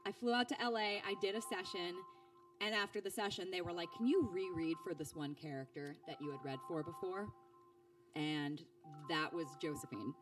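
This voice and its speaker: A woman's voice: normal speed, distant mic, music in the background. A woman in her thirties, a voice actor, telling stories in a casual interview, full of fillers and restarts and acting out quoted lines. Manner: animated, acts out quoted speech with big pitch jumps; chatty with frequent fillers and restarts. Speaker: voice actor guest.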